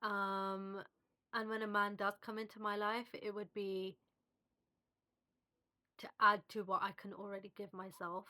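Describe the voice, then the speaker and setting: Bright-voiced woman, soft and reflective. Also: medium pitch, flat delivery, measured pace, long pauses. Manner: soft, reflective, hesitant with fillers and restarts. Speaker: vlogger. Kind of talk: heartfelt one-on-one talk to camera. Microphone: phone at arm's length, video-call style.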